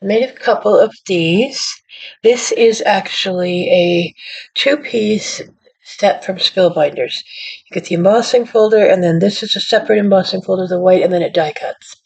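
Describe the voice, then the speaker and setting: Low-voiced woman chatting about her crafts. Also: normal speed, darkish tone, breathy edge. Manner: rambling, self-deprecating, apologetic. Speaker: card-making channel host. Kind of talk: casual show-and-tell chat. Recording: dull lo-fi audio.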